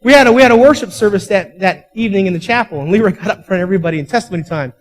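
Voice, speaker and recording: High-voiced preacher, emphatic storytelling. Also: male voice, very fast, low-quality recording. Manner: storytelling, acts out quoted voices; emphatic, rising to loud peaks. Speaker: pastor. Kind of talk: sermon.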